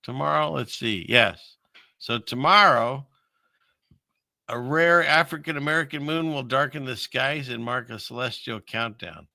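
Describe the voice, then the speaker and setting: A man's voice: mid-range voice, measured pace, bright, forceful tone, no room sound, studio quality. A man hosting a show, rambling wryly through video clips and talking to his chat. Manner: rambling, wry, talks to chat. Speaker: show host. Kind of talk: casual commentary on video clips.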